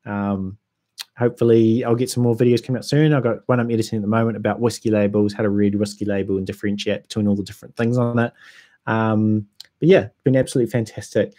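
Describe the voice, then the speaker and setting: A young man with a New Zealand accent, hosting a casual livestream and chatting through viewer comments in a relaxed way with frequent ums. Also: lowish voice, fast. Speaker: whisky YouTuber hosting a livestream.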